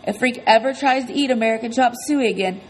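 A woman's voice: a little high, fast talker, slight background noise, low-quality recording. A woman narrating an audiobook in the first person, earnest and conversational.

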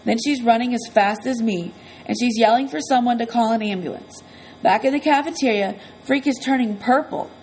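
A woman's voice: a little high, moderate pace, darkish tone, a little hiss or hum, rough recording. Woman telling a story in first person. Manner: earnest, conversational storytelling. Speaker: audiobook narrator. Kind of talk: first-person audiobook narration.

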